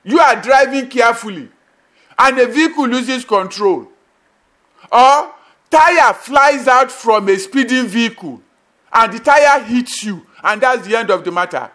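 High-voiced pastor preaching slowly. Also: male voice, lively intonation, sharp tone. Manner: emphatic, repetitive preaching with sudden bursts and drops. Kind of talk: sermon.

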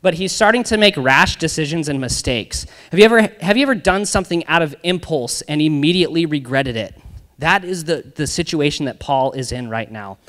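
A man's voice: on the high side, lively intonation, a little fast, a bit bright. A young man giving a youth group sermon as youth pastor, talking casually with slangy asides. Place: church hall. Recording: long reverb of a church hall.

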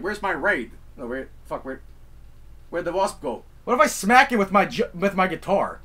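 A man streaming a game, commenting with sudden yelps, shouts and swearing. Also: high voice, very animated, normal speed. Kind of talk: live gameplay commentary.

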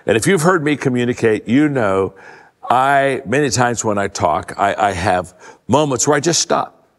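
An older man giving a conversational leadership talk to a live audience, a folksy storyteller who restarts his sentences often and drops his voice low to stress a point. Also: lively intonation, normal speed. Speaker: leadership speaker. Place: large event hall. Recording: long hall reverb.

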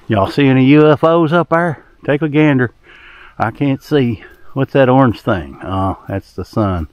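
A Southern American man with a mid-range, slightly mellow voice narrates a casual vlog outdoors on a rural property. He's easygoing and folksy and talks to the animals as he goes.

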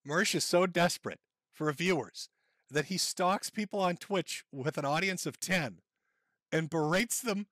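A man's voice: fairly high pitch, measured pace, a bit bright, no room sound. A man hosting a stream, mocking and ridiculing the person in the clips he plays. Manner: sneering, ridiculing, laughs at clips.

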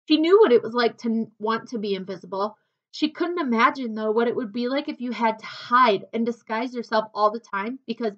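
A woman reading a children's novel aloud with expressive, unhurried narration. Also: on the high side. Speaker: storybook reader. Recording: dull lo-fi recording.

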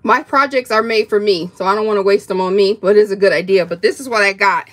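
A woman with excitedly unboxing gifts on a livestream, gushing, gasping and laughing often. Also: medium pitch, fast talker. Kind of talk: excited live unboxing chat.

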